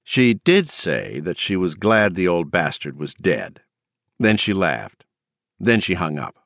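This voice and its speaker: A man's voice: medium pitch, sing-song, moderate pace, sharp tone, no echo, clean studio sound, pitched above the performer's own voice. A man voicing a cold, controlled woman who is furious with her sister, clipped and icy in an audiobook.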